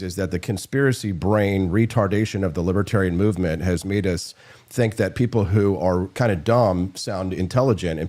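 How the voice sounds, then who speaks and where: A man hosting a casual political talk show, opinionated and animated, trading views with a co-host. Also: on the low side. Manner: opinionated, animated, mocking impressions.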